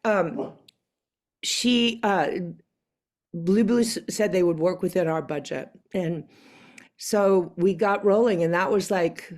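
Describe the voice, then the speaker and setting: Older lady chatting in an interview, slightly low voice, animated, plays out the quotes, laughs a lot. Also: slow pace, pauses often. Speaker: interview guest. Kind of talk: casual storytelling interview.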